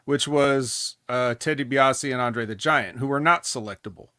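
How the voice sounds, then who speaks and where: A man's voice: mid-range voice, normal speed, sharp tone, clear, resonant tone, no echo. Thoughtful man, dry close voice. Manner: thoughtful, hedging, restarts sentences. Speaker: podcast panelist. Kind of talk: casual chat.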